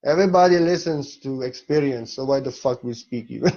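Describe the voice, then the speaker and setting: A man's voice: mid-range voice, warm tone, highs cut off. A man giving an informal spiritual talk as a teacher, speaking candidly and emotionally, blunt and sometimes swearing.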